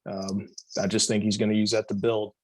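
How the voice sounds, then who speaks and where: A man's voice: lowish voice, little pitch movement, a little fast, a little mellow, poor audio. Easygoing male podcast guest from Ohio. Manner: easygoing, filler-heavy answers. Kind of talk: casual sports chat.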